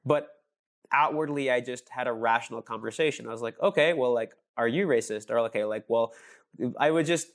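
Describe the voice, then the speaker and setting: A man's voice: mid-range voice, fairly quick. A young man with a mid-range voice talks as a podcast guest. He rambles through his stories with fillers and restarts and laughs easily. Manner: rambling storytelling, laughs often. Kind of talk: casual podcast chat.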